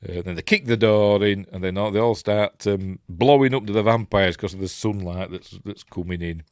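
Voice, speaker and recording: A Yorkshire man talks his way through a film scene by scene, in a rambling and hesitant way, full of ums and restarts. His voice sits fairly low, and it is recorded close and dry with no room sound. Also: no room sound. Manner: rambling, hesitant, many ums and self-corrections. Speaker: film reviewer. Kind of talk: casual film recap while watching.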